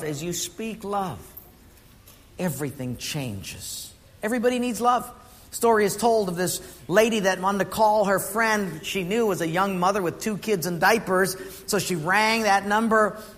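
A man's voice: high-pitched, animated, a little slow, a bit bright, big-room sound, a little hiss or hum. A man preaching a sermon in a conversational way and putting questions to the congregation. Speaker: pastor.

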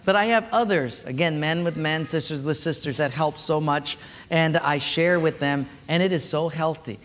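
A man preaching a sermon as pastor, earnest and exhorting, dropping low and soft for emphasis. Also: moderate pace. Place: church. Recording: reverberant church hall with faint music.

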